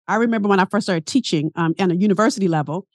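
A woman guest, a coach and teacher, talking in a casual interview as an animated, emphatic storyteller. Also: mid-range voice, racing, no echo, studio quality.

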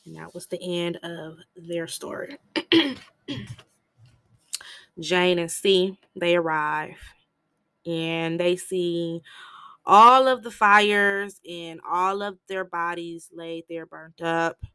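Female podcast host with a lowish voice, chatty and animated, a relaxed recap with no room sound. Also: clear, resonant tone, no echo. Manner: chatty, animated retelling with quick asides. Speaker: podcast host reviewing a film. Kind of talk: casual film recap.

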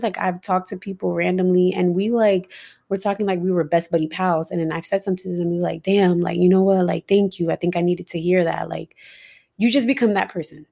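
In a mid-range, creaky voice with a darkish tone and breathy edge, a young woman delivers a casual spiritual podcast monologue. Her talk is rambling and loose, heavy on "like" and "um," with occasional swearing.

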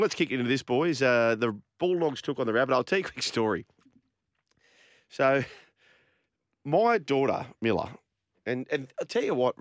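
An Australian man hosting a sports radio show, telling stories in an animated, chatty way. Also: lowish voice, dry recording, studio quality. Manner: animated storyteller, laughing. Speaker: radio host.

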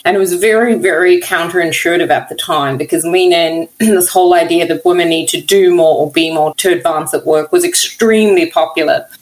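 A workplace equality researcher from outside America appears as an interview guest, telling her story earnestly and with feeling, with many "you know" fillers. Her voice is on the low side and a little fast, with hardly any pauses, on a low-quality recording.

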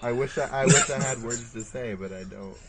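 A man's voice: mid-range voice, fairly quick, over a noisy crowd. A young man co-hosting a podcast in casual chat, rambling with fillers and trailing off. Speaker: podcast co-host. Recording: loud background noise.

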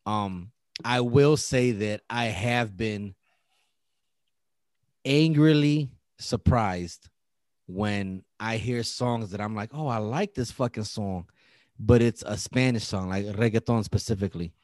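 A man's voice: lowish voice, takes it slowly, a little mellow, no echo, clean studio sound. A man hosting a podcast in loose, profane casual chat, a bit tipsy from drinking. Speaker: podcast host.

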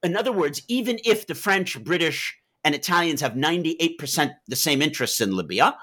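A man's voice: on the high side, fairly quick. A man who wrote a book on Libya, answering interview questions and telling stories to explain his points. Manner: animated storytelling with vivid asides. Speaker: author and Libya analyst.

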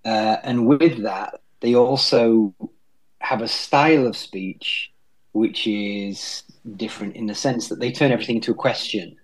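British man in his fifties, pastor guest, lowish voice, halting delivery with restarts. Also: rough recording. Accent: British English. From England. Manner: hesitant, with many restarts. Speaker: staff pastor. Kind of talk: conversational interview.

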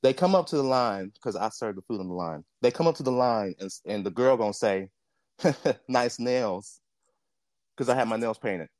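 A man's voice: lowish voice, expressive, a little fast, a little mellow, no room sound. A man co-hosting a podcast, talking in a blunt, profane and impassioned casual rant. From Jamaica. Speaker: podcast co-host.

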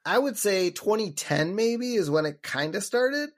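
High-voiced blunt man co-host. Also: sing-song, unhurried. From Wisconsin. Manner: blunt, swears casually, laughs often. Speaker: podcast co-host. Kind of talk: casual chat.

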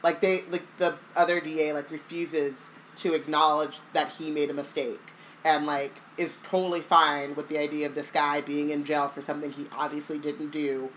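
A young woman in casual chat, animated and quick, slipping into silly voices for the characters she talks about. Her voice sits a little low. A faint hiss of noise runs under the recording. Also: rough recording. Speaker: podcast co-host.

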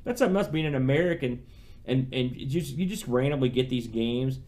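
A man's voice: mid-range voice, fairly quick, a little mellow. Male podcast co-host, casual game-review chat, rambling and full of restarts. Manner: rambling, many restarts and fillers.

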